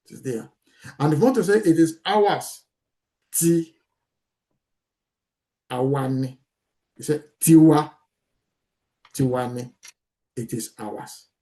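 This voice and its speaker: A middle-aged man teaches a language lesson, talking slowly and repeating each word so it sinks in. His voice is warm and mellow and sits fairly high, and he pauses over fillers and restarts as he goes through his slides.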